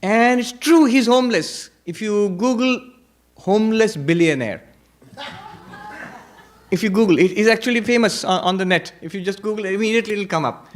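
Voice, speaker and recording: A monk teaching Vedanta in a spiritual lecture, telling stories, reciting Sanskrit verses and repeating key points for emphasis. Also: male voice, high-pitched, normal speed. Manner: emphatic repetition.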